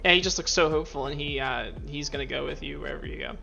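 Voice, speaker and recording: A man's voice: on the high side, fast, vocal fry, sharp tone, muffled recording, soft background music. A man narrating as game master in a rambling way, full of fillers and restarts.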